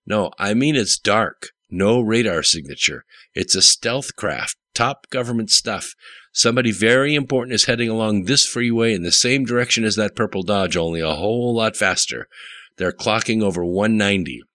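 A man's voice: fairly low pitch, normal speed, bright, forceful tone, no echo, pitched above the performer's own voice. A man voicing a brash, cocky male helicopter pilot who swaggers and curses.

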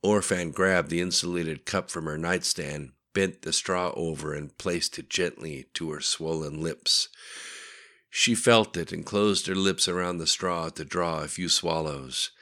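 Male narrator, very low voice, bright crisp tone, steady audiobook reading. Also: measured pace.

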